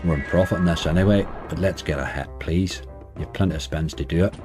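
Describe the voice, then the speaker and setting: A man's voice: deep voice, quick pace, over music. A man giving casual running commentary while playing, chatty and talking to the game as he goes. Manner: chatty, muttering to the game and cheering it on. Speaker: slots streamer. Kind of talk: casual commentary over gameplay.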